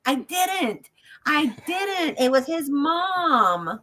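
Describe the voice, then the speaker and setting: A fairly high-voiced woman tells a ghost encounter with gusto. She slips into the voices of the people in her story and laughs at her own jokes along the way. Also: drawn-out words. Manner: lively storyteller who acts out every voice in the story; laughs often and jokes about herself. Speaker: psychic ghost tour guide. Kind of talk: animated anecdote on a talk show.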